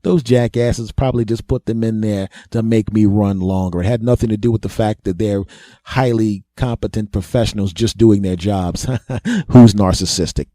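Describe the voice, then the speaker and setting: A man's voice: lowish voice, mellow, dry recording, studio quality. Self-mocking man telling a comic story. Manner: self-mocking, boastful, laughs at own jokes. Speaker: comedy podcast host.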